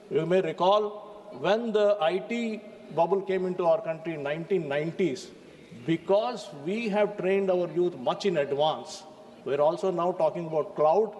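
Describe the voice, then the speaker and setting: High-voiced man giving a parliamentary speech. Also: a little mellow. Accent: Indian English. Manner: formal, emphatic, addresses the chair. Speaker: member of parliament. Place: large parliament chamber. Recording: reverberant chamber, faint ambience.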